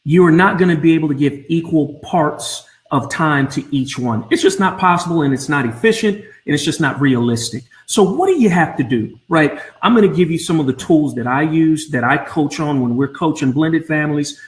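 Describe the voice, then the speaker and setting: A man's voice: on the high side, lively intonation, moderate pace, few pauses. A man coaching blended families on a live stream from home, speaking earnestly and often repeating his words. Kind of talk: Facebook Live talk. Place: home room. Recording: roomy echo.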